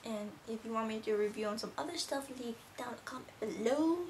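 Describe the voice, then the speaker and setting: A woman's voice: a little high, fast, darkish tone, a little hiss or hum. A teenage girl casually reviewing a cartoon episode as a rambling, gushing fan. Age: teens. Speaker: video reviewer.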